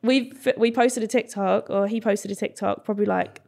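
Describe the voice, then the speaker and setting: A woman's voice: mid-range voice, steady tone, fairly quick, gravelly, darkish tone. A young woman in her twenties, chatting casually as a podcast guest, giggly and full of fillers. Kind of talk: casual chat.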